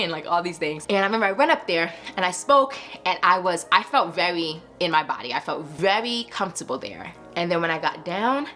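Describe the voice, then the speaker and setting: A young woman talks to her viewers in a relaxed, personal vlog. Her pitch swings widely as she acts out other people's lines, and her speech is loose and chatty, full of filler words. Soft music plays faintly behind her. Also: fast talker, hardly any pauses. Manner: animated, acts out quotes in a higher voice; casual, many likes and you knows. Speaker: YouTube creator.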